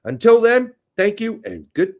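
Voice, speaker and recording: A man's voice: high-pitched, huge pitch swings, unhurried, darkish tone. A man hosting a casual live stream, joking and teasing his co-host.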